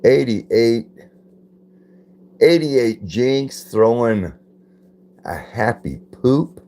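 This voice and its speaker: A man's voice: low voice, very animated, a little slow, long pauses, a little mellow. A man hosting a casual live stream, reading viewer comments aloud, repeating phrases and puzzling over them.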